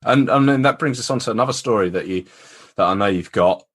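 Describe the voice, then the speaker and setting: Brief: male podcast host, lowish voice, easy prompting questions. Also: quick pace, a bit bright. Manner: prompting, encouraging the guest. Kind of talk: casual interview chat.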